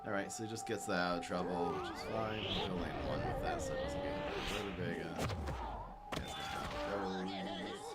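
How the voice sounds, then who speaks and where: A man with a New York accent giving excitable live commentary on a card game as he streams, talking to his chat. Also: deep voice, moderate pace, loud music behind the voice. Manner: excitable, talks to chat, bursts of exasperated laughter.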